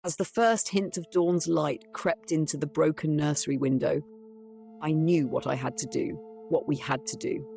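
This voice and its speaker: A woman's voice: deep voice, fairly even intonation, normal speed, gravelly, warm tone. A woman telling a ghost story in first person as scripted narration, over background music.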